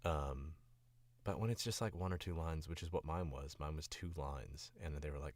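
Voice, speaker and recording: A man with a very deep, gravelly voice, feeling a bit sick. He rambles through casual stream chat about voice acting with lots of fillers, and his pitch swings widely as he gets animated. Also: normal speed. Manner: rambling, filler-heavy and animated, demoing accents. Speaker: voice actor.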